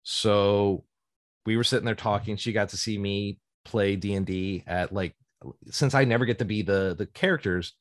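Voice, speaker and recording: A man's voice: on the low side, steady tone, normal speed, dry recording. A man hosting a podcast in casual chat, rambling and enthusiastic and prone to tangents. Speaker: podcast host.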